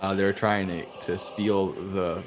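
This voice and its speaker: This is a man co-hosting a podcast in an easy, unscripted chat. His voice sits on the low side. He swears freely, jokes around and laughs a lot. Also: level tone, a little slow, music in the background. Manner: loose, profane and joking, laughs often. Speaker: podcast co-host.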